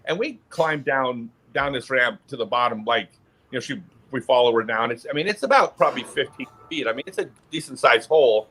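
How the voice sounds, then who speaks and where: This podcast guest has a husky, medium-pitched male voice and talks a little fast. Chatting casually, he tells an anecdote with real animation and laughs mid-sentence.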